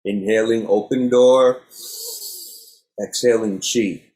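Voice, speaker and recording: Calm man guiding a breathing class. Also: lowish voice, slow. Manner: calm, instructive, gives step-by-step cues. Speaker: yoga instructor.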